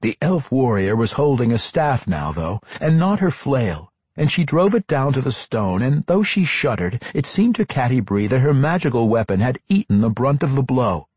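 A man narrating a fantasy audiobook in an expressive, dramatic reading with character voices. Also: mid-range voice, normal speed, few pauses, husky, no room sound.

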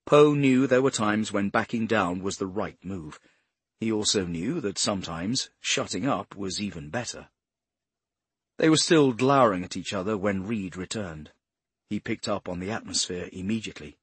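A male narrator reads a crime novel with a husky voice and a lively, wide-ranging pitch. The reading is measured and expressive, recorded close and dry. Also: dry recording. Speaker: audiobook narrator.

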